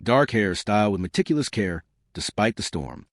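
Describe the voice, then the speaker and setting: A man narrating a dramatic story in a scripted, expressive way. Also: on the low side, moderate pace, no room sound, clean studio sound.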